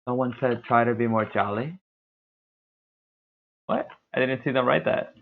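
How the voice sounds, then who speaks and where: A young man streaming a game, talking through his play in a laid-back, rambling way with a deep, dark voice. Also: measured pace, gravelly. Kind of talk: casual gameplay commentary. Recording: tinny lo-fi stream mic.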